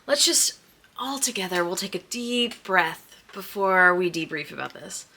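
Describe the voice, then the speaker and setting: Gushing woman vlogger, bright voice. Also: on the low side, animated, normal speed. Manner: gushing, chatty, laughs often. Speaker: sewing vlogger. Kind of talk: casual vlog chat. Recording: echoey room, faint noise.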